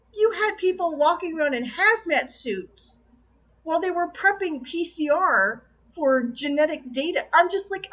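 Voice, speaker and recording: A woman with a high voice delivers a casual film review straight to her viewers. She speaks with passion, exclaims often and laughs easily as she vents her frustrations. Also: fairly bright tone.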